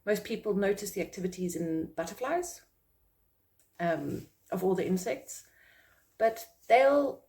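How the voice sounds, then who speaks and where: A chatty woman from South Africa talks to camera about her work as a psychic medium, in a middle-pitched voice. She rambles a little with fillers and restarts, and jumps higher whenever she acts out someone else's surprised reaction. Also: expressive, measured pace, long pauses, darkish tone. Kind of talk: casual talking-to-camera vlog.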